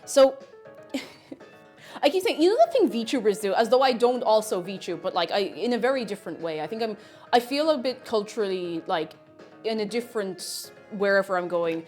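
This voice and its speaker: A woman's voice: medium pitch, expressive, moderate pace, a little mellow, faint music behind. A woman streamer chatting playfully while she cooks on a livestream, now and then breaking into silly noises. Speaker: livestreamer and VTuber. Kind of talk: casual chat while cooking on a livestream.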